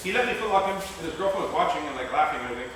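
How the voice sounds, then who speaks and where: A man's voice: fairly high pitch, expressive, rapid-fire, noisy background. A man teaching grappling technique while telling a rambling, profane story, laughing often. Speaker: grappling instructor. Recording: very echoey gym, mic far off.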